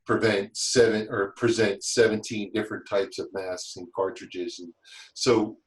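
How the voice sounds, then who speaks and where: A man talks in an easygoing, rambling way, often restarting his sentences. His voice sits on the low side, and there is a roomy echo around it. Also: steady tone, measured pace. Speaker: guest, safety instructor. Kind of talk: casual chat.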